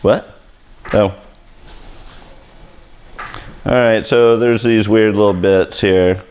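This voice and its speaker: A man's voice: lowish voice, fairly even intonation, unhurried, dull audio, a little hiss or hum. A man hosting a live haircutting tutorial, joking and rambling in a self-deprecating way while he cuts. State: sweaty. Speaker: hairstylist host. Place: hair salon education studio.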